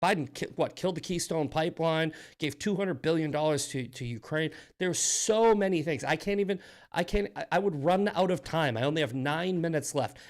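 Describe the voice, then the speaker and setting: A man's voice: a little high, brisk. A man hosting a live political commentary stream, fired-up and profane, often restarting his sentences. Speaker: host.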